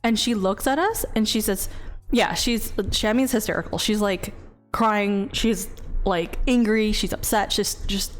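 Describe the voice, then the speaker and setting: A woman streamer casually telling a long story, rambling and lively, with many restarts and some swearing. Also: medium pitch, a little slow. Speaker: VTuber streamer. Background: faint background music.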